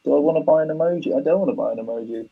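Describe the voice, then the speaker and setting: Laid-back young London man, gravelly, husky. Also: on the high side, racing. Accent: London English. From London, England. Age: 20s. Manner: laid-back, chatty, says "like" often. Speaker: podcast guest. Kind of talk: casual live-stream chat. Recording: dull, lo-fi live-stream audio.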